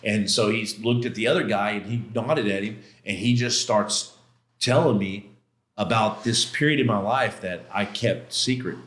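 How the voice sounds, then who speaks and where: A man's voice: lowish voice, normal speed, a bit bright. A middle-aged man telling a personal story as a podcast guest, with intense, emotional retelling, casual slang, and many quoted exchanges and restarts. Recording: roomy echo.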